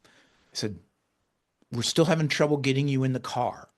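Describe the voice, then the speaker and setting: Man telling a personal story, halting. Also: medium pitch. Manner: halting, with frequent restarts; animated when quoting himself. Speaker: author and guest.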